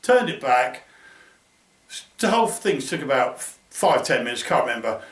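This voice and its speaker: A man's voice: mid-range voice, sing-song, moderate pace. Man, middle-aged, from Norfolk, storytelling angler, echoey room, voice from a distance. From Norfolk, England. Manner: acts out the voices of friends, laughing often. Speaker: angler telling a fishing story. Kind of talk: animated storytelling.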